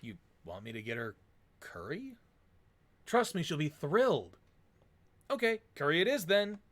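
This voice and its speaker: A man's voice: fairly high pitch, very animated, a little slow, a bit bright, full character voice. A man voicing a chatty, caring young woman who is a playful best friend. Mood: teasing. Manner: chirpy, teasing, caring.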